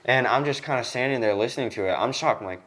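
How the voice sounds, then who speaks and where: A young man hosting a podcast in a studio, telling a casual work story and acting out the people in it with sudden jumps in his voice. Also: fast. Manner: animated, acts out quoted lines with jumps in pitch. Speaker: podcast host.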